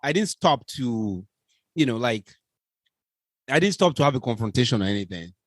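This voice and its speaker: Relaxed podcast co-host, man, lively intonation, dry close sound. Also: medium pitch, normal speed, no echo. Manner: easygoing, agreeable, laughs along. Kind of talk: casual chat.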